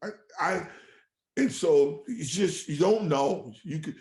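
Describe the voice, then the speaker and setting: A pastor tells a personal testimony on a podcast, acting out the voices he quotes and swinging from loud to near whisper. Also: a little high, lively intonation, a little slow, roomy sound.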